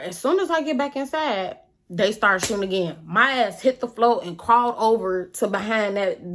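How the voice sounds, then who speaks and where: A woman vlogger telling a story in a casual, animated, slangy and profane way. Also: medium pitch.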